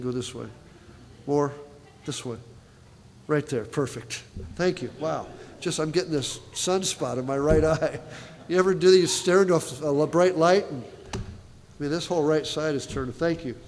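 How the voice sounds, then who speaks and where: A male pastor delivers a sermon in a loose, conversational way, often checking in with the congregation. His voice sits fairly high for a man. The recording carries the long reverb of a large church sanctuary. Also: moderate pace, long pauses, a little mellow, a little hiss or hum. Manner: conversational preaching with frequent "right?" asides to the congregation.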